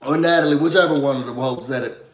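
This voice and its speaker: A man with a hoarse voice from feeling under the weather, chatting casually and sassily as he recaps a reality TV episode and checks in with viewers. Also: mid-range voice, fast talker, reverberant. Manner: chatty, sassy, asks "you know what I'm saying?".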